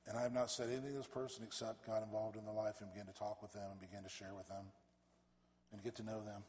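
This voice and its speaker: A man, a pastor, preaching a fervent sermon that swells to loud emphatic peaks and drops back low. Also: little pitch movement, fast. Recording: reverberant church hall.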